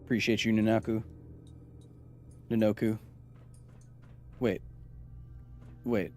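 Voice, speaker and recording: A man's voice: lowish voice, flat delivery, takes it slowly, darkish tone, soft background music. Chatty man streaming a game. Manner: chatty, reads and answers viewer comments aloud; explains science casually while playing. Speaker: science streamer playing a video game. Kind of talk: live gaming stream commentary.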